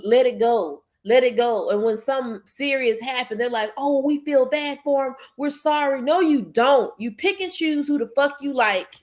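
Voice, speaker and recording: A woman hosting a podcast in casual chat, speaking bluntly and emphatically, swearing freely. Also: fairly high pitch. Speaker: podcast host.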